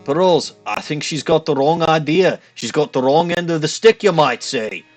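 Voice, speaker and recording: Streamer, male, slightly high voice, hammy fake Scottish brogue on game text, faint music under. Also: moderate pace. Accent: put-on Scottish. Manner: goofy, reads dialogue in a put-on Scottish accent. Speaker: let's play streamer. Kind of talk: game commentary with reading aloud.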